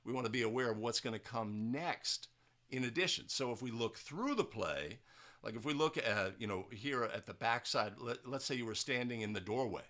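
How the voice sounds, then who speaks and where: His intonation lively and his speed normal, the man casually teaches from basketball officiating footage in a bright, forceful middle-pitched voice. Sentences often get restarted, and "right?" caps many of his points.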